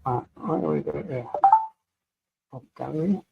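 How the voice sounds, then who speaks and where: Gravelly English man chatting on a live stream. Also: medium pitch, wildly swooping pitch, slow pace, muffled recording, a little hiss or hum. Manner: chatty, addresses viewers by name, talks to his dog. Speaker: livestream host. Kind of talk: casual live-stream chat.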